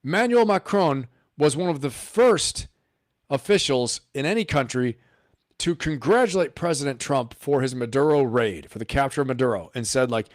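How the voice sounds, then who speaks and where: A man's voice: mid-range voice, lively intonation, moderate pace, no echo. Male live-stream host, emphatic and riffing, dry close sound. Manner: emphatic, riffing, full of rhetorical questions. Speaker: political commentary host.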